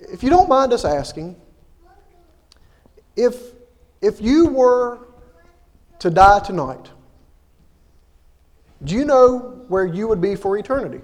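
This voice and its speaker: A man's voice: sits high, sing-song, slow pace, pauses often, a little mellow, heavily acted. A man voicing a polite, eager church member inviting a neighbor to services. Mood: earnest. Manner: friendly, earnest, eager. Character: polite, earnest church visitor at the door.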